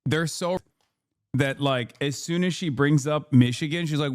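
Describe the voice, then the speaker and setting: A man's voice: a little high, measured pace, no room sound, studio quality. A man streaming live, mocking a news clip with sarcastic, swearing asides. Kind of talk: casual live-stream commentary.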